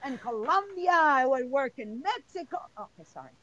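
A woman's voice: high voice, lively intonation, moderate pace, highs cut off, very noisy. A woman hosting a casual podcast, answering questions bluntly with lots of energy and laughter. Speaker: podcast host.

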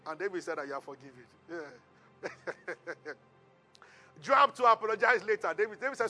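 Male preacher, storytelling sermon, high and bright, soft music bed. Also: normal speed, long pauses. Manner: storytelling preacher, animated retelling with call-and-response. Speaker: pastor.

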